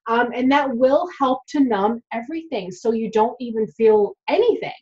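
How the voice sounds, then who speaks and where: Woman, dental hygienist, frank chatty talk to camera, fairly high voice, slightly muffled audio. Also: moderate pace, darkish tone. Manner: chatty, frank, addresses viewers directly.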